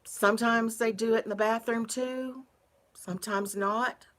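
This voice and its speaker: A woman recounting a personal story in a casual, unhurried, conversational way, with pauses between phrases. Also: fairly high pitch, steady tone.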